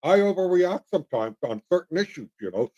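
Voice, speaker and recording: A man's voice: fairly high pitch, big pitch swings, brisk, a little mellow, muffled recording. A middle-aged man hosting a livestream, talking in a rambling, opinionated way and calling his listeners folks. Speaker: livestream host. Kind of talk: casual livestream monologue.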